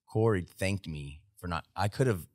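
An American veteran in his thirties with a low voice speaks a little slowly as he tells profane army stories in casual podcast talk, animated throughout. Sound is clean studio audio with no echo, from a podcast studio mic.

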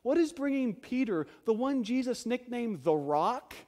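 High-voiced emphatic preaching pastor. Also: male voice, big pitch swings, measured pace. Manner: emphatic preaching with rhetorical questions; swings between loud stresses and hushed low phrases. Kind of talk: sermon.

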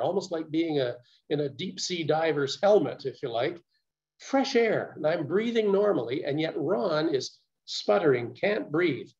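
An older man recounting his story as a guest speaker, earnest and measured, with small stammers. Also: a little high, darkish tone. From Canada. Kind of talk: personal storytelling talk. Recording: muffled lo-fi recording.

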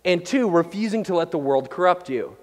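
A man's voice: sits high, expressive, a little fast. A man preaching a sermon as the pastor, conversational and joking, with frequent restarts and stammers. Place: church sanctuary. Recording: long hall reverb.

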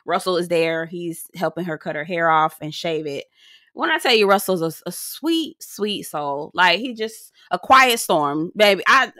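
A woman's voice: on the low side, animated, bright, forceful tone, no room sound, studio quality. A woman hosting a casual reality TV recap, sassy and dramatic, swearing freely and mimicking the cast. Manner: sassy, dramatic, profane, quick mimicry of others.

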